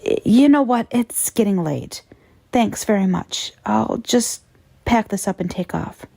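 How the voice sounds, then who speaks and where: A man's voice: sits high, measured pace, vocal fry, mellow, dry recording, heavily acted. A woman voicing a nervous young man who stammers and apologizes. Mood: flustered.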